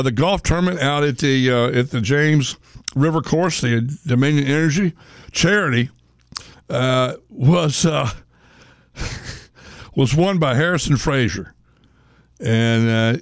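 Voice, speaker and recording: A man's voice: a little high, no room sound, studio quality. A middle-aged man hosting a casual sports talk radio show, rambling with lots of fillers and asides. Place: radio studio. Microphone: studio microphone.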